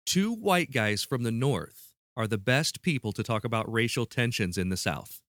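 A man hosts a casual podcast quiz, joking about the stakes and laughing easily. His voice sits in a middle pitch, and the recording is dry and close. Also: expressive, a bit bright, no room sound. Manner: playful, joking, quick to laugh. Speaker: podcast host running a quiz.

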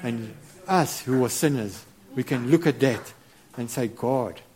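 A middle-aged man preaching a sermon, halting and earnest, with many repeated words and restarts. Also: medium pitch, darkish tone. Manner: earnest and reverent.

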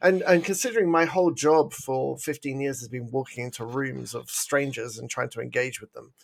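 A man's voice: medium pitch, fairly even intonation, fairly quick, gravelly. A man in his forties with an English accent, chatting as a podcast co-host, self-mocking and laughing often. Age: 40s. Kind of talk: casual chat.

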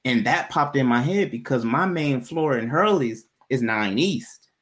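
A man's voice: mid-range voice, animated, unhurried, a bit bright. Man telling a story, casual and profane. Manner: candid and profane, loose conversational delivery.

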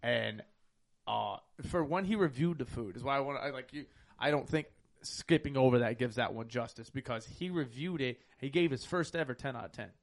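Fast-talking man in casual chat. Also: medium pitch, vocal fry. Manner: fast, profane, animated storytelling.

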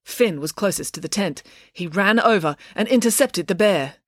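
A woman narrating a children's storybook aloud, lively and dramatic. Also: medium pitch, moderate pace, no echo, clean studio sound. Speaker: audiobook narrator.

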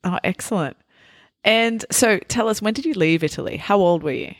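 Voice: medium pitch, moderate pace, no echo, clean studio sound. An interview host in a casual chat, asking short, friendly questions.

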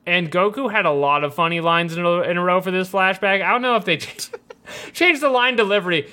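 A podcast co-host chatting casually, joking and animated. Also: mid-range voice, brisk.

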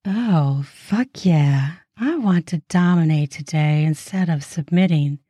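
A woman's voice: low-pitched, slow, warm tone, husky, no echo, clean studio sound, exaggerated voice. Woman voicing a bold teasing older woman. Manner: sultry, teasing, hissing. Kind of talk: erotic audiobook reading.

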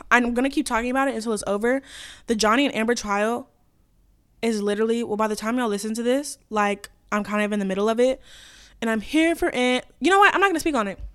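Young female podcast host, slightly high voice, blunt and sassy, swearing freely, swinging between loud bursts and low asides. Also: clean tone. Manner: blunt, profane, sassy ranting; animated, swings loud and quiet. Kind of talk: casual chat.

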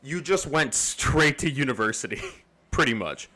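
A man's voice: mid-range voice, expressive, moderate pace, sharp tone. A man hosting a casual history podcast, rambling and laughing often as he explains. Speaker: podcast host.

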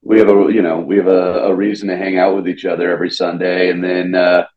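A young comedian from Atlanta, Georgia, guests on a podcast, chatting loosely and saying "dude" a lot. He talks fast in a low voice with little pitch movement. The recording has a dull, lo-fi sound.

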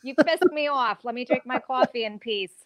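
A woman's voice: high-pitched, moderate pace, dry recording, pitched above the performer's own voice, close to an everyday voice. Carmela Soprano as a woman puts her on. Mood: annoyed. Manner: snappy, scolding. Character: brash mafia wife, fed-up and bossy.

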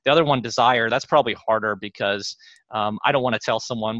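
A man's voice: medium pitch, fast talker, a bit bright, dry recording. A man as an interview guest, explaining ideas in a rambling way with restarts and chuckles. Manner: rambling, many fillers and restarts, chuckles often. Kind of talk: interview conversation. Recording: dull lo-fi dry sound.

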